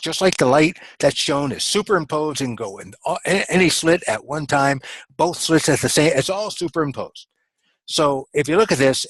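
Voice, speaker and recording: A man's voice: mid-range voice, no echo, rough recording. Emphatic motivational coach, a man. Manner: earnest and emphatic, repeating key phrases. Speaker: business coach. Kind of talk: motivational webinar talk.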